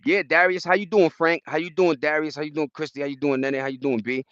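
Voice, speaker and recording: A man's voice: on the high side, fairly even intonation, fast, a bit bright, dry recording, dull audio. A man hosting a casual livestream outdoors, chatting loosely with viewers in slang. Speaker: livestream host. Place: outdoors in a park.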